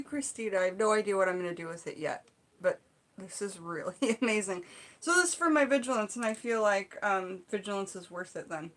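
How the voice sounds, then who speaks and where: Gushing chatty woman vlogger. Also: mid-range voice. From Seattle area. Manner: chatty, gushing and excitable, with frequent "um" and "like". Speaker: vlogger opening gifts. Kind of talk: casual unboxing chat to viewers.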